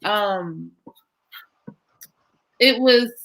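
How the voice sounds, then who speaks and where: A young adult woman telling a story as an interview guest, animated and playing out her own quoted lines over a video call. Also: medium pitch, drawn-out words, a little hiss or hum, low-quality recording.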